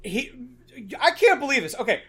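A man co-hosting a podcast, telling stories in a rambling, animated way full of fillers. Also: very high-pitched, normal speed, breathy edge. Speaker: podcast co-host. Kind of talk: casual podcast chat.

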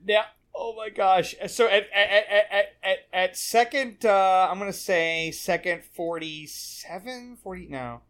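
High-voiced man chatting playfully about a film. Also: measured pace, few pauses. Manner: playful, acts out characters in excited high voices. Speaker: podcast co-host. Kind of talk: casual film discussion.

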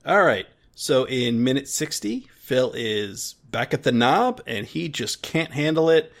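A man's voice: mid-range voice, expressive, a little slow. A man co-hosting a podcast in casual chat, rambling with restarts and frequent laughter. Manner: rambling, many restarts and fillers, laughs often. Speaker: podcast co-host.

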